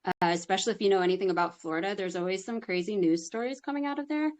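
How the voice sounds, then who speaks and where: Female interviewer, chatty and self-deprecating, mid pitch. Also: racing. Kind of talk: casual livestream chat.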